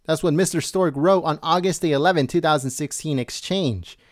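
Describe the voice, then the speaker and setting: A man reading news items aloud slowly and adding his own commentary, stumbling and correcting himself and asking viewers questions. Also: a little high, no echo, clean studio sound. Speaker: political commentary host.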